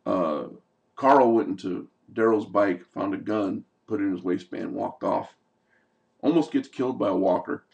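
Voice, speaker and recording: A man's voice: lowish voice, moderate pace, gravelly, a little mellow, far from the mic, lo-fi sound. A man giving a heated, profane, exasperated recap of a TV episode in a casual rant. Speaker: TV show commentator.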